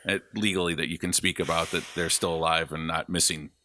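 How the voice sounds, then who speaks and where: Casting: joking male host, slightly low, very bright tone, faint music. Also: fairly even intonation, fast, dry recording. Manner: jokey, laughing interviewer. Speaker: interview host. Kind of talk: casual interview chat.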